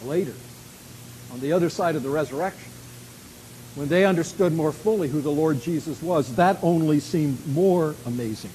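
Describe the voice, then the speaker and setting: A man preaching an expository sermon in an emphatic way, with dramatic swings between soft and loud. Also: fairly high pitch, moderate pace, a little hiss or hum, low-quality recording.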